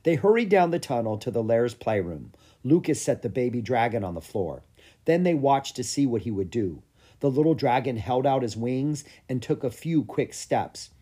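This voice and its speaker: A man reads a children's chapter book aloud in a lively storytelling manner. His voice is husky and swings widely in pitch, while its overall pitch sits in the middle. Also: normal speed. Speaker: audiobook reader. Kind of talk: scripted narration of a children's book.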